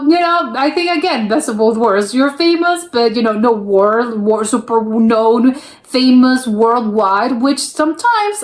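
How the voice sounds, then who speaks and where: A young American woman hosting a reaction video, thinking aloud in casual chat with many restarts. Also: a little high. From United States. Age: young adult. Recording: roomy echo.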